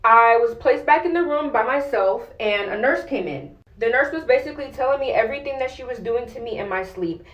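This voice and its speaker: A woman's voice: on the high side, animated, brisk, few pauses, far from the mic, highs cut off. Slangy young woman, slightly off-mic. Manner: slangy, blunt, profane. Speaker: storyteller. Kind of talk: casual storytime to camera. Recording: voice a bit off-mic.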